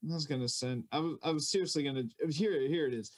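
A man's voice: a little high, fast. A young man co-hosting a podcast, joking crudely and swearing in casual banter. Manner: joking, swearing, laughing often. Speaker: podcast co-host.

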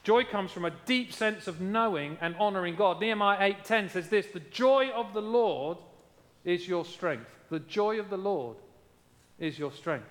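A man's voice: high-pitched, expressive, unhurried, big-room sound. A man preaching a sermon as pastor, emphatic, repeating key lines and asking his congregation how they are doing.

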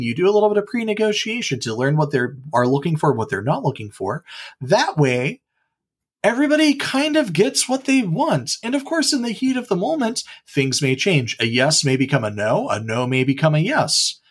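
Animated male co-host, swooping higher voice, blunt. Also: moderate pace, breathy edge. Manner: animated, blunt, jokey emphasis. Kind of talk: casual discussion.

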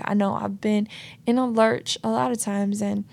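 Female podcast host, casual and heartfelt storyteller, voice rough with fry and a bit breathy. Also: medium pitch, fairly even intonation, moderate pace, dark tone, dry recording. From United States. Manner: casual, earnest, storytelling with many "like" and "you know". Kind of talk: reflective solo podcast talk. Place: New York City.

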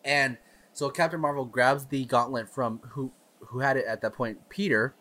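A man's voice: mid-range voice, fairly even intonation, moderate pace, bright, forceful tone. A man co-hosting a podcast, eagerly retelling movie scenes in casual chat. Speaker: podcast co-host.

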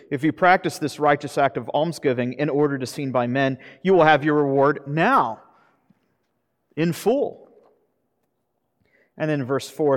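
A pastor preaching a sermon earnestly, asking his listeners rhetorical questions. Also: medium pitch. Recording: long reverb of a hall.

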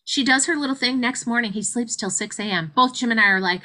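A middle-aged woman with a bright, forceful voice tells her story as an interview guest. She is animated, acting out quotes with sudden high leaps in her voice. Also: a little fast, few pauses, poor audio. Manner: animated, acts out quotes with big pitch jumps. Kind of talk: conversational storytelling.

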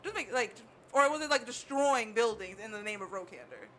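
A woman's voice: on the high side, lively intonation, a little fast, fairly bright tone, slight background noise. A woman playing a tabletop game, talking in a brash, incredulous way. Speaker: player.

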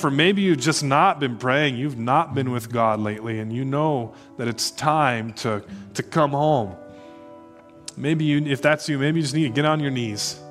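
A man preaching as a pastor, earnest and inviting, who grows hushed as he leads the congregation into prayer. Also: a little high. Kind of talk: sermon closing into prayer. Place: church service.

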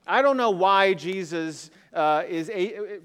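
A man's voice: sits high, slow pace, fairly bright tone, smooth. A man preaching a sermon in a conversational way, often asking the congregation rhetorical questions. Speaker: pastor. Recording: long hall reverb.

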